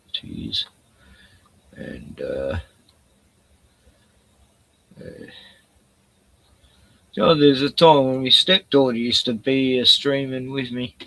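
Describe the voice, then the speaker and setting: A man's voice: mid-range voice, vocal fry, pushed and bright, no echo. An older man rambling casually on his livestream, profane and chuckling as he talks to his chat. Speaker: livestream host.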